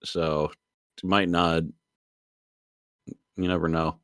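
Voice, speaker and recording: Deep-voiced man chatting loosely. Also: little pitch movement, slow pace, a bit bright, clean tone, dry recording, studio quality. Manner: rambling, laughs often, many fillers. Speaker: podcast co-host. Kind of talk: casual chat.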